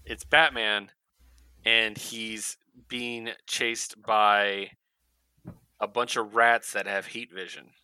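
A man on a comics podcast tells a story with animated energy, jumping into little voices for the characters. His tone is very bright and cutting, and the recording is dry and close, with no room sound. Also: fairly low pitch, takes it slowly, clean tone, no echo, low-quality recording. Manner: animated storyteller, acts out character lines with laughs. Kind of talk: casual podcast chat retelling a comic.

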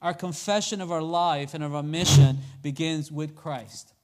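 A man with a slightly high, mellow voice and fairly even intonation preaches at a moderate pace. His sermon feels conversational, and he frequently poses questions to the congregation.

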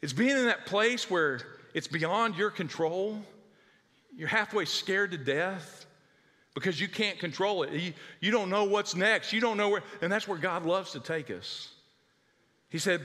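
High bright guy preaching, dramatic story mode, lots of hall echo. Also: measured pace. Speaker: pastor. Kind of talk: storytelling sermon.

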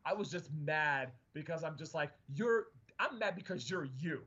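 A man's voice: on the high side, normal speed, breathy edge, lo-fi sound. Man telling a rambling work story. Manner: rambling, animated retelling with fillers. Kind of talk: casual storytelling.

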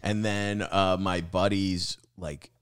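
A man in his thirties chatting casually on a podcast, relaxed and offhand, trailing off mid-sentence. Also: sits low, slow pace, smooth. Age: 30s. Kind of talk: casual chat.

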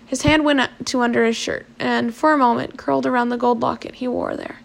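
A woman reading a storybook aloud at a steady pace, now and then correcting herself as she reads. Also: a little high, a little fast, creaky. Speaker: story reader.

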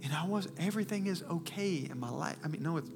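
A male pastor preaching a sermon, swinging from loud, impassioned declarations to hushed, near-whispered confessions while holding back tears. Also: a little high, fast, vocal fry, music in the background.

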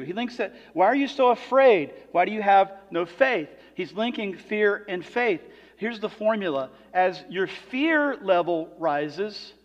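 A man delivering a sermon as pastor, moving between quiet reflective passages and loud, emphatic preaching. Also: sits high. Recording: dull sound with long hall reverb.

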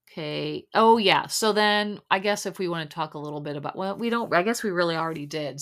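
Casting note: woman podcast host with a low voice, chatty, rambling, filler-heavy. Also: fairly bright tone. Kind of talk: casual chat recapping a reality show.

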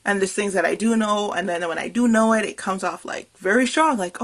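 A woman hosts her own podcast, thinking out loud in a passionate, earnest way. She circles back on herself often, with fillers and small laughs, and her pitch sits in the middle of the usual range. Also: normal speed, few pauses. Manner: passionate, emphatic delivery. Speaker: podcast host. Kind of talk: reflective solo podcast talk.

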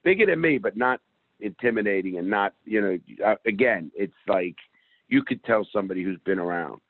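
A man's voice: fairly low pitch, lively intonation, fairly quick, no echo. Blunt streetwise man on a phone line. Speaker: interview guest. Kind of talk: storytelling in interview. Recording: phone-like call audio.

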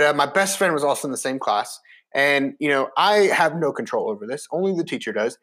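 Chatty young man telling a story. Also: on the high side. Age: 20s. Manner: chatty, animated, many fillers and restarts. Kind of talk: casual storytelling monologue.

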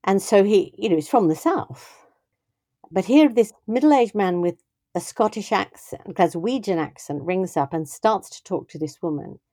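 An older woman speaks in a warm, mellow voice, recorded dry and close. She tells her stories thoughtfully, circling back with restarts and "you know" as she talks about raising children. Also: mid-range voice, lively intonation, moderate pace, no echo. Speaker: guest speaking on parenting. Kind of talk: reflective conversational storytelling.

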